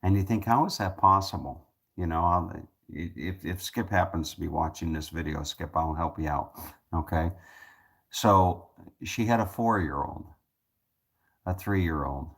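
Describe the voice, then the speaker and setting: A man's voice: low voice, a little slow, pauses often. A man talking casually to his viewers in a rambling monologue, with many restarts, repeated words and joking asides. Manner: joking, self-amused asides. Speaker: vlogger.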